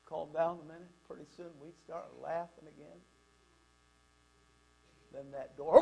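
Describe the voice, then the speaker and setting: A man preaching a sermon as a pastor, telling a personal story in an animated, conversational way. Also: a little high, measured pace, gravelly, pauses often, low-quality recording.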